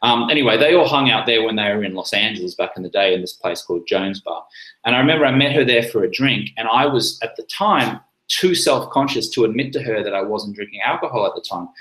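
A man's voice: lowish voice, expressive, fast, fairly bright tone, reverberant, low-quality recording. A man hosting a live chat, telling a personal story in a rambling, casual way with many fillers and restarts. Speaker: livestream host.

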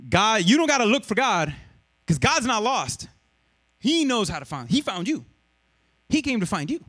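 A man preaching a sermon, asking the congregation questions and dropping to a hush to stress a point. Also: high-pitched, big pitch swings, moderate pace. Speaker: pastor.

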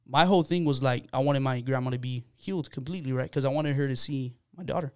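Smooth-voiced man telling an earnest story. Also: medium pitch, fast talker, dry recording, studio quality. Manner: earnest storytelling with many fillers. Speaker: podcast guest. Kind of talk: casual podcast chat.

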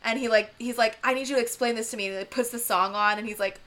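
A woman's voice: fairly high pitch, steady tone, fast, fairly bright tone. A woman in casual movie chat, retelling scenes in a rambling, giggly way. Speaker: podcast co-host.

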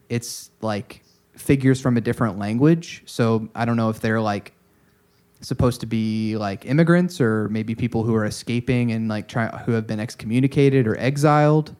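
A man's voice: mid-range voice, a little mellow. A man co-hosting a casual music podcast, thinking aloud with many fillers and restarts. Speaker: podcast co-host.

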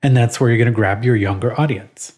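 A man co-hosting a casual podcast, talking in an animated way, laughing often and swearing now and then. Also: medium pitch, brisk. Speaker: podcast co-host.

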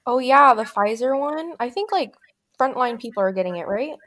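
A woman's voice: fairly high pitch, lively intonation, normal speed, fairly bright tone. A young woman co-hosting a podcast, chatting in an easygoing, supportive way. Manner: easygoing, supportive, says "like" often. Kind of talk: casual chat.

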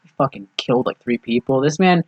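A man's voice: medium pitch, fairly quick, crowd noise. A young man chatting casually on a podcast, telling a story with lots of swearing and quoted dialogue. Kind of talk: casual chat. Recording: dull lo-fi dry sound.

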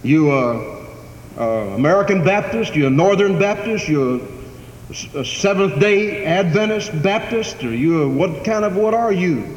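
A man's voice: high voice, lively intonation, a little slow. A man preaching a sermon as pastor, emphatic, swelling and dropping his volume for effect. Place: church sanctuary. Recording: echoey church hall, faint background noise.

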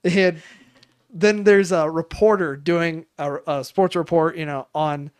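A young man tells a story on a podcast, swearing freely and acting out each person in it. His voice sits a bit high for a man and comes across dry and close, with no room around it. His telling is lively and casual. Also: unhurried, clean tone, no echo. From Chicago area, United States. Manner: animated, swears a lot, acts out quoted voices. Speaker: podcast co-host.

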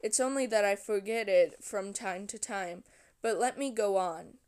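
A calm, brooding male vampire voiced by a woman reading a novel aloud recounts his past in a slow, unhurried way. The voice is smooth and clear, never rushed, with a measured storybook cadence. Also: mid-range voice, close to an everyday voice. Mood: reflective.

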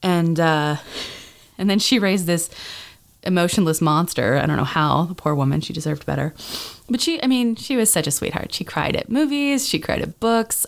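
A woman's voice: low-pitched, gravelly. A woman podcast host in casual chat, rambling and self-deprecating, with many fillers and restarts.

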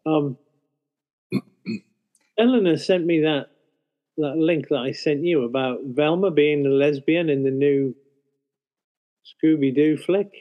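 A man's voice: on the high side, takes it slowly, pauses often. A man co-hosting a podcast, chatting in a wry way, recorded on a lo-fi setup. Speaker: podcast co-host. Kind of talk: casual chat. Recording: dull, lo-fi with long reverb from an unplugged mic.

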